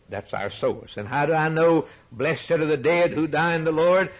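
A male preacher delivering a sermon with rhetorical repetition, rising to soaring emphatic peaks and dropping to hushed low lines. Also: a little slow, few pauses, poor audio.

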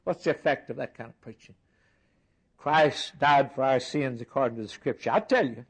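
A man's voice: medium pitch, normal speed, slightly rough, poor audio. A man preaching a sermon, stringing words into rhythmic, emphatic lists.

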